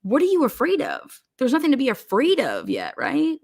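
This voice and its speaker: A woman's voice: high-pitched, wildly swooping pitch, moderate pace, darkish tone. A woman giving true crime commentary in a blunt, sarcastic and profane way, firing off pointed questions.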